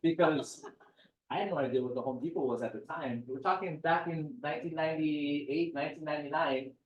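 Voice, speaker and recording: A man's voice: on the high side, a little fast, far from the mic, dull audio. Middle-aged man, easygoing storyteller at a talk, a bit off-mic in an echoey room. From Hawaii. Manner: relaxed storyteller, animated quoted dialogue. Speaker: guest speaker. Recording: roomy sound, speaker off-mic.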